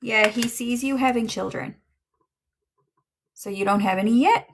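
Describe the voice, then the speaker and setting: A woman doing a casual livestream tarot reading, chatting to viewers and dropping into soft muttered asides. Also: fairly high pitch, measured pace, slight background noise. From Newfoundland, Canada. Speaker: tarot reader and medium.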